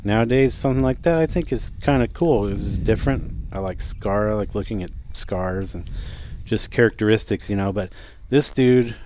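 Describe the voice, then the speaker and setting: A man with a somewhat low voice trades blunt jokes and curses in relaxed podcast banter. He tells his own story in a loose, offhand way. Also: normal speed, a little hiss or hum. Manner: blunt, joking, swears freely. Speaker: podcast co-host. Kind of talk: casual chat.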